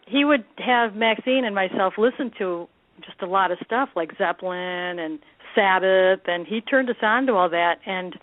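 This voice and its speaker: A woman's voice: medium pitch, dry recording. A woman from Detroit, a drummer, telling stories in a casual interview and laughing often. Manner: laughing, chatty storyteller. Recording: dry, phone-like line.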